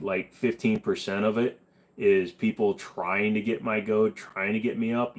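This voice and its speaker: A young adult man hosting a live stream, chatting casually, reading comments and answering bluntly with plenty of profanity. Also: fairly low pitch.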